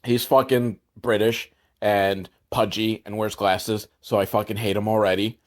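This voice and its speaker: A man's voice: lowish voice, little pitch movement, measured pace. A man host sarcastically recapping a movie, swearing a lot and mocking the characters in put-on voices. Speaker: comedy podcast host.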